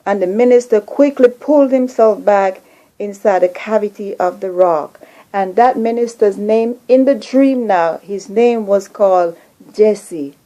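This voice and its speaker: A woman host earnestly recounting a dream as a message to her viewers, slow and deliberate. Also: mid-range voice, mellow, low-quality recording. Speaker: video channel host.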